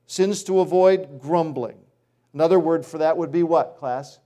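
Animated man preaching a sermon. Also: fairly high pitch, moderate pace. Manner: animated, acts out complaining voices. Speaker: pastor.

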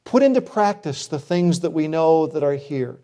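Middle-aged guy pastor giving a sermon, earnest, jokes at his own expense, voice a bit high. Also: animated, normal speed, dark tone. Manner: earnest, with self-deprecating humor and acted-out quotes.

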